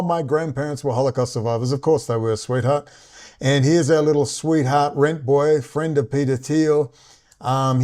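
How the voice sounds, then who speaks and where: A man ranting in casual commentary, sarcastic and mocking, often jumping into high exasperated tones. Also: darkish tone. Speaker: vlogger.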